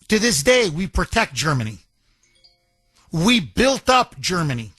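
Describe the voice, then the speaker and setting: A male talk radio host in an emphatic political monologue. His voice sits high and swings widely in pitch. The sound is close and dry, with no room around it. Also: big pitch swings, a little slow, long pauses, sharp tone, slightly rough, no echo. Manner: emphatic, repetitive, rhetorical questions.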